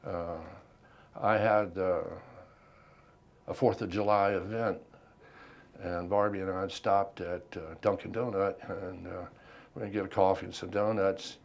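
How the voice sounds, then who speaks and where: Low-voiced older man, slow and reflective. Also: steady tone. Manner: unhurried, reflective, many ums and pauses. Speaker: veteran interviewee. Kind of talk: oral history interview.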